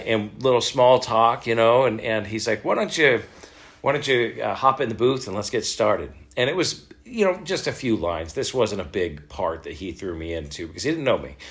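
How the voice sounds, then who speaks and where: A middle-aged man with a lowish voice tells a story from his career in a relaxed interview. He acts out the lines of the people in it and laughs often. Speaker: voice actor guest.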